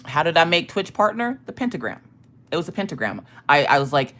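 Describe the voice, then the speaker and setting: A woman chatting casually on her live stream, telling stories in an animated, profane way and laughing often. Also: deep voice, fairly quick.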